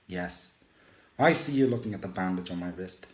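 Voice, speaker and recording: A man giving a dramatic reading of a first-person poem, emotive, with big rises and hushed drops. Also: sits low, expressive, moderate pace, echoey room. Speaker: radio show host.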